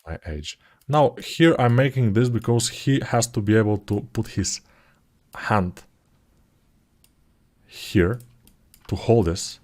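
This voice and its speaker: Guy in his 40s doing a chill live modeling tutorial, lowish voice, mumbles when focusing, cracks little jokes. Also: animated, slow, long pauses. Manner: low-key, murmurs quietly while concentrating, joking asides.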